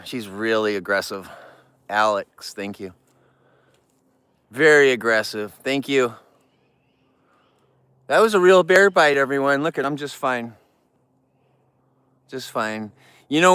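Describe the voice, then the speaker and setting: A man hosting a casual live stream among bears, talking in a relaxed, rambling way and thanking viewers in chat. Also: smooth, no echo. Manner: cooing baby talk to the bears, squealing high. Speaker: livestream host with bears.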